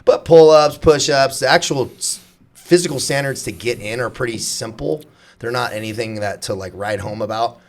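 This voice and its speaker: Podcast guest, man in his thirties, mid-pitched, profane and animated, laughs a lot. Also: moderate pace. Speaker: podcast guest, former Navy SEAL. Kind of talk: casual podcast conversation.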